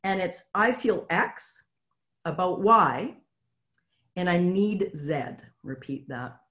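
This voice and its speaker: A woman who seems to be Canadian coaches a live webinar, chatty and encouraging, reading replies from the chat aloud. Her voice is on the low side, animated and a little bright, and she takes her time.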